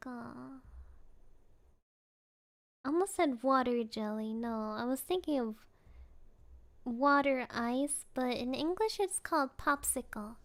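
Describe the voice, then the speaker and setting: A young woman streamer chatting casually and playfully, giggling as she answers her chat. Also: high voice.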